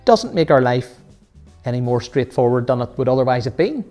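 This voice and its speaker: A man's voice: mid-range voice, sing-song, fairly quick, warm tone, lo-fi sound, faint music behind. A man leading a children's Sunday school Bible lesson, earnest and full of rhetorical questions.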